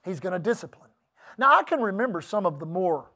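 A middle-aged pastor, preaching to his church. His voice sits high for a man, and he talks in a folksy, emphatic storytelling way, dropping into asides to the congregation. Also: lively intonation, quick pace, sharp tone. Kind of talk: sermon.

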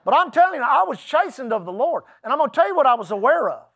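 A middle-aged pastor, preaching to his church. His voice sits high for a man, and he talks in a folksy, emphatic storytelling way, dropping into asides to the congregation. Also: big pitch swings, quick pace, a bit bright. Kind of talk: sermon.

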